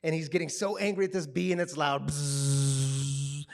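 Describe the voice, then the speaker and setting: Animated man preaching a story. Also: sits high, quick pace, vocal fry. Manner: animated storyteller, acts out quotes and buzzing sounds. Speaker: pastor of a recovery community. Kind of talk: storytelling sermon. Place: gathering hall with a live audience.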